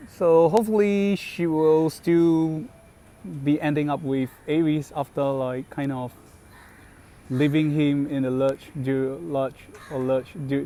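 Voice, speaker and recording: Slow, halting male gaming host. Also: on the high side, mellow, a little hiss or hum. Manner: halting, with many fillers and self-corrections. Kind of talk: casual commentary on game voice lines.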